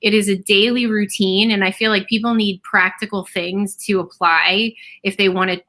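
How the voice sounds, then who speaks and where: Bright, chatty woman host. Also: mid-range voice, little pitch movement, normal speed. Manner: warm, chatty, fluent, many fillers like "you know". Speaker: interview host. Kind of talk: conversational interview.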